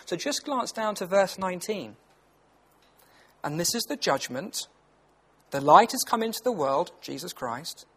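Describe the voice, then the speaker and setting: A man's voice: a little high, fairly bright tone, husky. A British man in his thirties giving a lunchtime Bible talk in a conversational, earnest way, with personal stories. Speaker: preacher.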